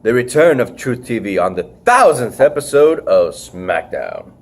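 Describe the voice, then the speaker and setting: A man's voice: medium pitch, very animated, unhurried. A man hosting a podcast, chatting casually and rambling, with frequent swearing and fillers. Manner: rambling, swearing, leans on "freaking". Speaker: podcast host. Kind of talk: casual wrestling review chat.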